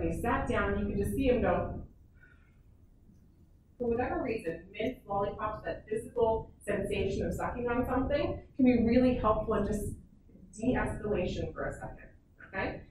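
Female psychologist, casual presenter, constant "okay?" check-ins; distant mic, reverberant hall, audible room noise. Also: medium pitch. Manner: chatty, peppered with "okay?" checks. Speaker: psychologist giving a parenting talk. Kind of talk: informal presentation to parents. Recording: echoey room, mic far off, noisy.

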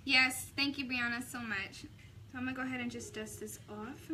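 A young woman vlogging a makeup tutorial, chatting casually with a sassy, animated way of telling stories. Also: a little high, moderate pace, a little hiss or hum.

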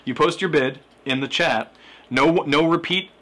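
A man hosting a live charity stream auction, announcing bids briskly. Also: on the high side, fairly bright tone.

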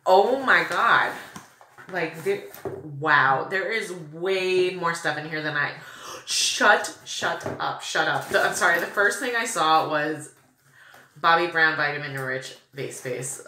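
A woman's voice: on the low side, a little slow, bright, forceful tone, roomy sound, a little hiss or hum. A young woman vlogging a makeup unboxing, gushing with breathless exclamations and valley-girl fillers. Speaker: beauty vlogger. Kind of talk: excited unboxing chat.

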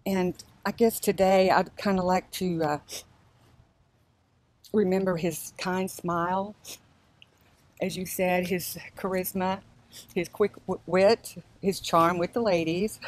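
A woman's voice: on the low side, a little mellow. An older woman giving a chatty eulogy in a church, laughing as she shares stories. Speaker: family member giving a eulogy. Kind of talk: memorial speech.

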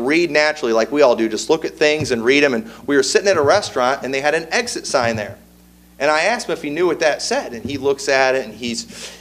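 A man's voice: medium pitch, fairly bright tone. A man preaching a sermon as pastor, telling a folksy family story and then pressing his point with rising emphasis. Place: church.

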